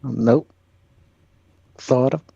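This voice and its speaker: A man's voice: medium pitch, fairly even intonation, drawn-out words, gravelly, mellow, husky, no echo. A Southern man on a trading livestream, answering in terse short replies. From Southern United States. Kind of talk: casual livestream chat. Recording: dull lo-fi dry sound.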